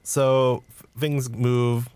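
A man's voice: medium pitch, little pitch movement, very slow, darkish tone, clear, resonant tone. A man narrating as game master in a tabletop game, casual and loose. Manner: casual, with fillers and restarts.

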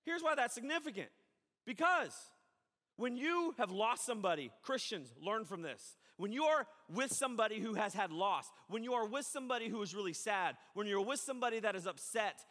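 A man preaching a sermon as pastor, animated and conversational, acting out the voices of people he quotes. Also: sits high, a little fast, big-room sound.

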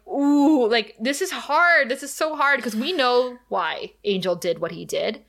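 A woman's voice: a little high, expressive, a little slow, vocal fry, fairly bright tone. A woman co-hosting a podcast, animatedly retelling an episode, laughing often and acting out the characters' lines. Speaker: podcast co-host. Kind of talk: casual recap chat.

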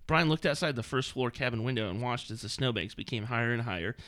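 Bright-voiced man mock-reading a book. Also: medium pitch, expressive, fast talker. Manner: mocking, laughing while reading, many fillers. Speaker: podcast host reading a book aloud. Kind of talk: casual chat, reading passages aloud.

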